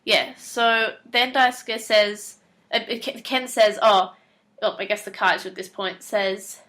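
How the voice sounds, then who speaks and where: A woman's voice: medium pitch, measured pace, a bit bright. A woman co-hosting a casual podcast, her voice sitting in an ordinary middle register. She talks through story events in a loose, chatty way, often slipping into the characters' quoted lines. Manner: chatty, recaps plot and acts out lines in quotes. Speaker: podcast co-host. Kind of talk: casual chat.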